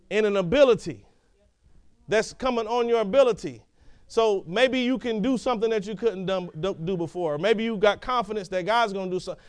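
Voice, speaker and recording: A man's voice: high voice, clear, resonant tone, dry recording, clean studio sound. A man preaching a sermon, emphatic and conversational, often checking in with "right?" and restarting his phrases.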